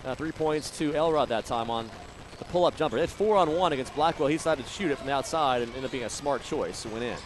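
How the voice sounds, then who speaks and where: A man doing live play-by-play of a high school basketball game, rattling off plays and scores with bursts of excitement on big shots. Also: slight background noise. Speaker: play-by-play announcer.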